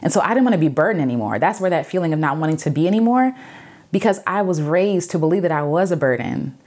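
A woman sharing her own story in an earnest, reflective way, with many fillers and repeated phrases, and gentle pleading advice. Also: fairly low pitch, lively intonation, quick pace. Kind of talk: personal testimony to camera.

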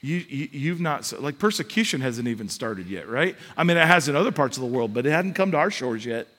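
A man's voice: mid-range voice, animated, a little fast, a bit bright. A man preaching a sermon in a conversational style, building emphasis and adding casual asides. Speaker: pastor. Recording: long hall reverb.

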